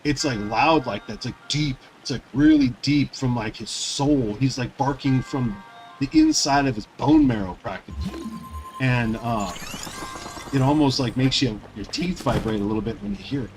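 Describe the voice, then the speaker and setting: A man's voice: medium pitch, moderate pace, a little mellow, faint music behind, rough recording. A man who streams games, chatting casually while he plays in a loose, rambling way with lots of fillers. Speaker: gaming streamer. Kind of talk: casual chat while playing.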